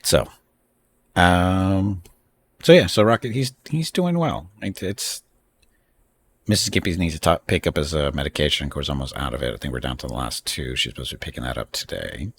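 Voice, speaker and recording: A man's voice: extremely low pitch, moderate pace, a little hiss or hum. A man hosting a casual live stream from home, rambling and chatting with frequent laughs. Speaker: streamer host.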